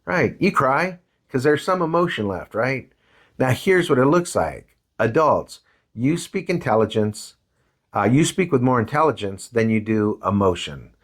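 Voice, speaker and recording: Man, parenting lecture, casual storyteller, mid pitch, keeps asking right. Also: measured pace. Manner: conversational, tags lines with "right?" and "man"; animated, acts out voices in anecdotes. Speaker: parenting course speaker.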